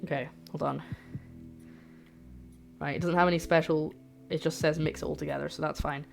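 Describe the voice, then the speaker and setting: A young woman from the UK chatting casually on a cooking livestream, reading out recipe steps and reacting to her chat with excited disbelief, talking into a streaming mic in her home kitchen. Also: sits low, moderate pace, gravelly. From United Kingdom. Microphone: streaming microphone. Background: guitar music.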